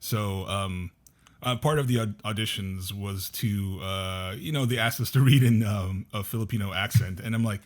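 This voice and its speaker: A man's voice: fairly low pitch, moderate pace. A man, an actor and panelist, chatting casually and telling stories with frequent laughter. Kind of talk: casual chat.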